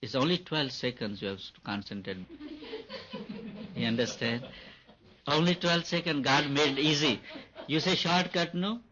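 A man's voice: mid-range voice, unhurried, long pauses, bright, forceful tone, slight background noise. A man giving an earnest, repetitive meditation lecture as a spiritual teacher. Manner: earnest, repetitive and emphatic, laughs at his own points. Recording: dull lo-fi recording.

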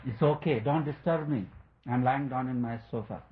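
A man's voice: mid-range voice, normal speed, close to an everyday voice. Drunk old father, stubborn, muddled, dismissive, a man doing the voice, slightly dull recording. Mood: insistent.

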